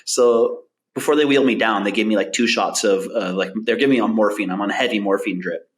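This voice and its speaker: A man's voice: lowish voice, fairly quick. A man, a podcast guest, in casual chat, telling stories with laughter and acting out quoted voices. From Canada. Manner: laughing storyteller, acts out quotes.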